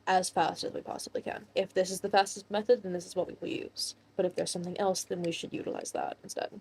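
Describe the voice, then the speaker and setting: A woman playing in a tabletop game, speaking in a measured, formal way in character. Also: fairly low pitch, steady tone, creaky, a little mellow, husky. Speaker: player.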